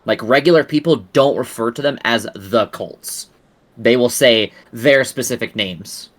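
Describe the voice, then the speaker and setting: A man's voice: mid-range voice, unhurried. A man running a tabletop game as game master, explaining the setting in loose, rambling casual chat with the odd swear word.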